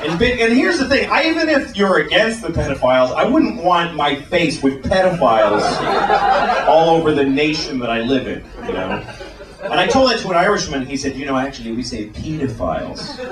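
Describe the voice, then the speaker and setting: A man doing a crude stand-up set, heard from a distance in a roomy club, with roaring laughter behind him. His pitch swings a lot, from flat mutters to sudden loud bursts. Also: fairly quick, a crowd in the background. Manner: crude, deadpan then bursting into shouted mock voices. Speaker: stand-up comedian. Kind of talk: stand-up routine. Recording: roomy live club sound from far off. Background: loud audience laughter.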